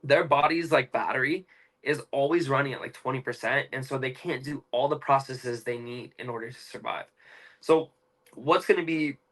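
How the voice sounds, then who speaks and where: A young man, an interview guest, explaining at length in a fast, emphatic, casual way with slang. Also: medium pitch, fairly bright tone, low-quality recording.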